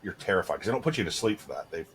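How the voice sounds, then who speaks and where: A man's voice: low-pitched, sing-song, rapid-fire, crowd noise. A man in his thirties, co-hosting a podcast, telling crude, candid stories in casual chat with lots of fillers. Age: 30s. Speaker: podcast co-host.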